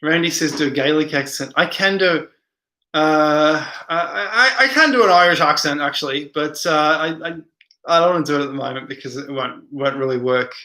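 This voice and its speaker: A man's voice: a little high, normal speed, pushed and bright, echoey room. A tired man hosting a late-night live stream, reading viewer comments aloud and rambling in answer to them.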